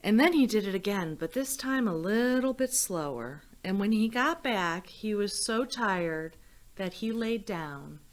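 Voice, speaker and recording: A woman telling a children's story, slow and unhurried. Her voice rises and falls expressively as she speaks gently to young listeners. Her pitch is middle-range. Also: expressive.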